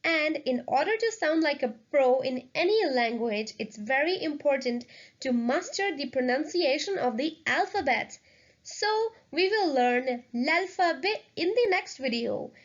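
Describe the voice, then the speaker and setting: A woman narrates a lesson on French pronunciation, clear and upbeat, at a measured pace with lively intonation. Her voice is high, and the recording sounds slightly dull and lo-fi.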